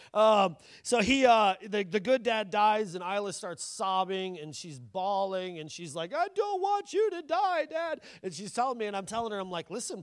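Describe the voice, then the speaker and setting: A man's voice: sits high, no echo, clean studio sound. A man in his thirties, a pastor, preaching a sermon in a conversational, joking style with bursts of animation.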